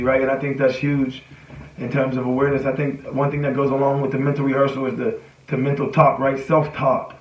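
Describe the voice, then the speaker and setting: A man's voice: mid-range voice, level tone, a little fast. A man giving a casual motivational talk, conversational and often checking in with "right?" and "you know". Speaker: motivational speaker. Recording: echoey room, distant mic, dull sound.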